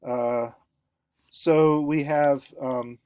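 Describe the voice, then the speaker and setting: Male lecturer, mid-pitched, halting and filler-heavy delivery, lively when demonstrating; small quiet room, dry. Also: clean tone, no echo. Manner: hesitant, many fillers and restarts; animated when acting out examples. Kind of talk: casual recorded lecture.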